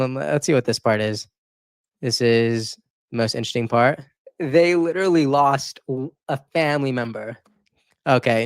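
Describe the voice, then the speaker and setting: A male channel host reacting to clips of his own past videos in loose, casual commentary. He gets excitable and emotional, stumbling and repeating words as he goes. His voice sits in a middle pitch, heard in a dry room with no echo. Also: smooth. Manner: emotional, near tears. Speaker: YouTube political commentator.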